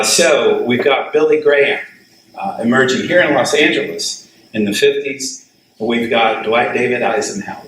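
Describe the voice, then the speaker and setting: A man's voice: medium pitch, fairly bright tone. A middle-aged male lecturer teaching a class in a conversational way, asking students questions and laughing at his own asides. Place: lecture room. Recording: roomy, distant classroom recording with faint ambient noise.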